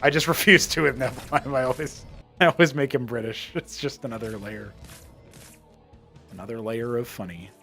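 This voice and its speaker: A man casting a strategy-game match live, mixing quick play-by-play with rambling trivia asides. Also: mid-range voice, bright, forceful tone, faint music behind. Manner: chatty play-by-play that wanders into trivia. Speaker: esports caster and show host.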